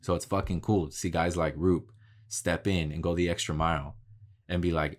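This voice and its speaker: A man's voice: sits low, steady tone, moderate pace. A man talking in a casual, candid vlog monologue, swearing freely and telling stories about his work. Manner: profane, candid, talks through stories. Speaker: vlogger.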